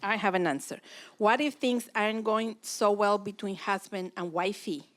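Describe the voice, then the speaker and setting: A woman's voice: medium pitch, moderate pace. A woman giving a practical, direct parenting talk at a church seminar. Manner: direct, practical, acts out family dialogue. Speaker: speaker at a parenting session.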